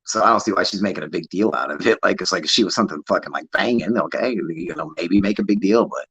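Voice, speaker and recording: Husky low-voiced man, profane stream rant. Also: quick pace, a bit bright, poor audio. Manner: profane, rambling, laughing. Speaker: livestream host. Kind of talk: casual livestream chat.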